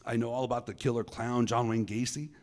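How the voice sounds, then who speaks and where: A man's voice: medium pitch, little pitch movement, fairly quick, a little mellow, natural voice. A man voicing a young male suspect who pleads for help and then talks eagerly, in an unsettling way.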